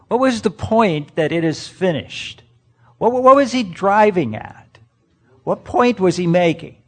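A man preaching a sermon, emphatic and full of rhetorical questions, swinging between loud and hushed. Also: high voice. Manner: speaks to the congregation directly. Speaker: pastor.

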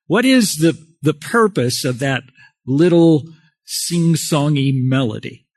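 Male pastor, sermon, slow unhurried delivery, slightly high voice, dry close sound. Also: expressive, darkish tone, dry recording. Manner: folksy and conversational, with self-deprecating humor.

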